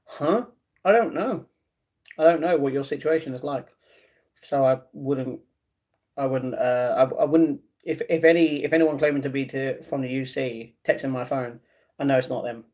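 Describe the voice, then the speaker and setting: A man's voice: medium pitch, normal speed, darkish tone. A man in his twenties casually chatting on a live stream, reading viewers' comments aloud and restarting his sentences often. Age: 20s. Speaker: livestreaming vlogger.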